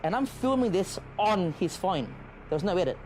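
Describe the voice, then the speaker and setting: A man casually telling a story in an animated way, with frequent stammered restarts and loose, profane talk. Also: high-pitched, normal speed, a little hiss or hum.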